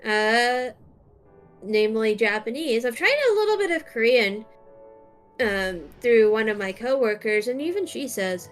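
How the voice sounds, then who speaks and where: A woman in her thirties, chatting casually while streaming a game and telling an unhurried story. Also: fairly high pitch, expressive, faint music behind. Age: 30s.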